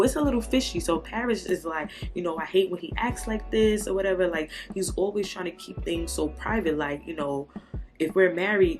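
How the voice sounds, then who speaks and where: Brief: plain-spoken woman, lowish voice, chatty book review over faint guitar. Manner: candid, profane, animated retelling. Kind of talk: casual book review chat.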